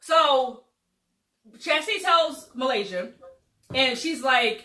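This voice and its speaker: A woman's voice: fairly high pitch, expressive, a little fast, pushed and bright, slight background noise. A young woman animatedly retelling a book's plot in a casual group chat, acting out the quotes. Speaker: book club host. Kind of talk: casual book discussion. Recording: roomy echo, voice far from mic.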